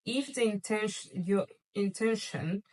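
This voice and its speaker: A woman's voice: mid-range voice, a little slow, a little mellow, far from the mic, low-quality recording. A woman vlogger chatting casually and playfully to her viewers about luxury shopping, gushing over items. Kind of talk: casual chatty haul video.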